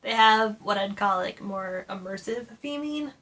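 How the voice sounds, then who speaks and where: A woman's voice: medium pitch, unhurried, fairly bright tone. A woman co-hosting a casual travel chat, explaining things in detail and laughing often. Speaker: co-host of a theme park travel channel.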